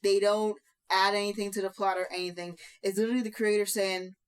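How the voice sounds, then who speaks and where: A woman's voice: medium pitch, little pitch movement, quick pace, smooth. A woman co-hosting a casual podcast, giving her opinions and thinking aloud as she goes. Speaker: podcast co-host. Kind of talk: casual chat.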